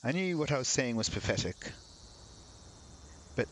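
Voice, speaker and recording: A man's voice: mid-range voice, sing-song, moderate pace, a bit bright, poor audio. Male let's-play host reading story text aloud, casual wry asides, faint background hiss. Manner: reads narration, breaks off into wry comments.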